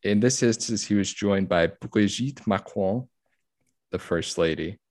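A man's voice: fairly low pitch, unhurried, a little mellow, no room sound, studio quality. A man co-hosting a podcast, casually reading a news article aloud with a laid-back, giggly manner and many fillers. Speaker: podcast co-host.

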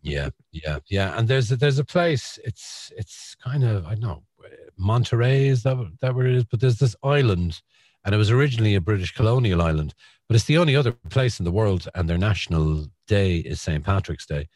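A man's voice: on the low side, expressive, fairly quick, darkish tone, no echo, clean studio sound. A man with a Cork Irish accent, hosting a podcast in a casual chatty way and telling stories with laughs. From Ireland. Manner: chatty storyteller, laughs along. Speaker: podcast host. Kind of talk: casual chat.

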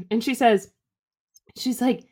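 A woman co-hosting a casual book-club podcast, retelling scenes in an amused, relaxed way. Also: a little high, takes it slowly, husky. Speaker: podcast co-host.

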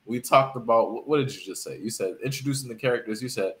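A man's voice: mid-range voice, fast talker. A man co-hosting a casual podcast, ranting emphatically about a TV show. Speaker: podcast co-host. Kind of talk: casual chat.

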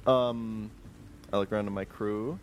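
A man's voice: fairly low pitch, fairly even intonation, measured pace, a little hiss or hum. Stammering man playing a captain. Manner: stammering, restarts words. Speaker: player voicing a ship captain. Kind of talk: tabletop role-play.

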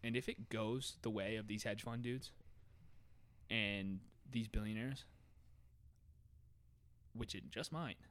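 A young man in casual podcast chat, animated and swearing freely, his voice jumping up when he gets worked up. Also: lowish voice, slow pace, long pauses. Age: young adult.

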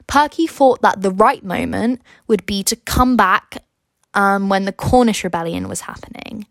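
A woman's voice: mid-range voice, dry recording. Chatty young woman podcasting history revision. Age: young adult. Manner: chatty, jokey and animated. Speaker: student podcast host.

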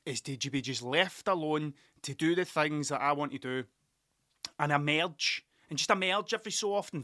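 Sweary Scottish man, bright and dry. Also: fairly high pitch, no echo. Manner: sweary, rambling, frequent self-interruptions. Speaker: podcast host. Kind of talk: casual monologue. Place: workshop.

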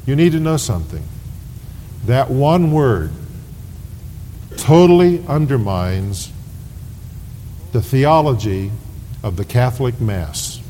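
A man preaching a sermon as pastor, slow and deliberate, leaning hard on key words. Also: animated, dark tone. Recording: 1990s sermon tape with long reverb and faint rumble.

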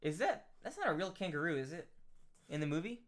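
A man's voice: a little high, sing-song, brisk. A man chatting casually as a podcast co-host, asking many questions and laughing easily. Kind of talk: casual chat.

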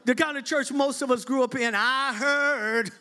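A middle-aged man preaching a lively church sermon to his congregation, playful and animated, breaking into shouts and laughter. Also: very high voice, quick pace. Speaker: bishop preaching.

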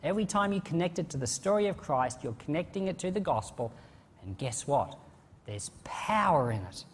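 A man preaching a sermon in an animated, conversational way. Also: on the high side, in a large hall. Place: church.

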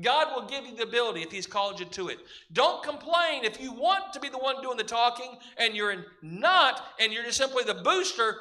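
A man delivering a sermon with a strikingly high-pitched voice. His tone is bright and forceful, and he drives each point home with emphatic, repeated parallel phrases in a classic preaching cadence. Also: expressive, moderate pace. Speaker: pastor.

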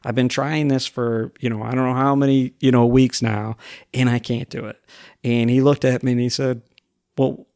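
A man talks as a podcast guest with a gravelly, fry-edged voice. His speech rambles through plenty of fillers while he retells conversations in other people's words. The sound is close and dry. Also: mid-range voice, flat delivery, moderate pace, dry recording. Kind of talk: casual conversation.

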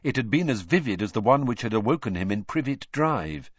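A man narrating a storybook in expressive, dramatic storytelling. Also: mid-range voice, brisk, husky, no room sound. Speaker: audiobook narrator. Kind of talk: scripted narration. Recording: dull dry lo-fi recording.

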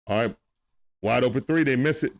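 Fairly quick and gravelly, a mid-range male voice calls a basketball game casually for a live stream audience. He's animated, welcoming chat viewers between plays and chatting on the side with his son.

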